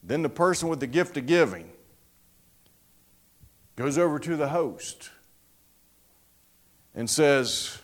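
A man preaching a sermon, telling a story in an animated, dramatic way. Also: on the high side, slow, long pauses.

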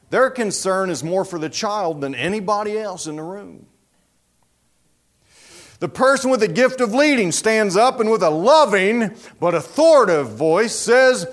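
A man preaching a sermon, telling a story in an animated, dramatic way. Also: high-pitched, normal speed.

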